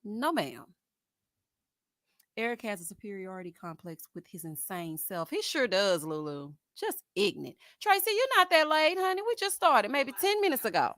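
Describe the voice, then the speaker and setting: Sassy, bright-voiced woman chatting live. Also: on the high side, normal speed, no echo, clean studio sound. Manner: sassy and expressive, addressing viewers as honey and y'all; laughs at her own jokes. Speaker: host of a live reality-TV review stream. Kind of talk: casual live-stream chat with viewers.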